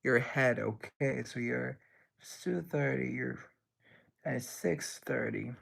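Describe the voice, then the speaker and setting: Gravelly young man chatting on a livestream. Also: medium pitch, unhurried, fairly bright tone. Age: young adult. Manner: reads chat aloud and answers, rambling and playful. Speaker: livestream host. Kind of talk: casual livestream chat.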